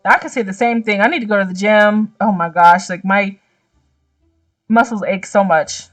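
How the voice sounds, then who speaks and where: A young woman gaming YouTuber reading a visual novel aloud, breaking off with slangy, animated reactions. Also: mid-range voice, moderate pace, distant mic.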